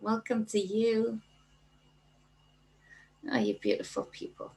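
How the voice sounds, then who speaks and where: A woman's voice: medium pitch, big pitch swings, slow, dark tone, rough recording. A middle-aged woman with a Geordie accent hosting a casual livestream as a spiritual coach, reading out viewer comments and greeting people by name in an affectionate, chatty way. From North East England.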